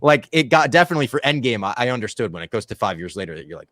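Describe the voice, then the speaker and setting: A man co-hosting a casual movie review podcast, his pitch swinging widely as he talks. His voice sits in the middle range, and the sound is dry and close to the mic. He is animated and swears easily. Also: racing, no echo. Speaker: podcast co-host.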